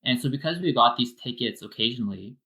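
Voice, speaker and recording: Bright-voiced man explaining software. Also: mid-range voice, expressive, fast talker, rough recording. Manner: explains step by step with frequent fillers. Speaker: wallet developer guest. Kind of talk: casual technical explanation.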